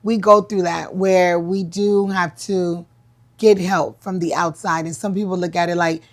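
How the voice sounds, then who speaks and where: A woman's voice: fairly low pitch, steady tone, unhurried. A woman co-hosting a podcast, chatting casually and acting out what others say. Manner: chatty, acts out quotes from others. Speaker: podcast co-host.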